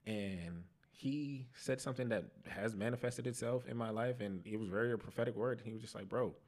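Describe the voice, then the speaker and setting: A young man on a podcast, telling his life testimony in casual slang, animated and laughing at himself. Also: medium pitch, brisk. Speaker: podcast guest.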